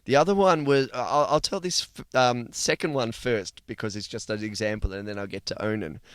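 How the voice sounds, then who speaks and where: A man's voice: mid-range voice, fairly quick, smooth, dry recording. A man with an Australian accent, co-hosting a casual podcast chat, rambling and laughing often. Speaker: podcast co-host.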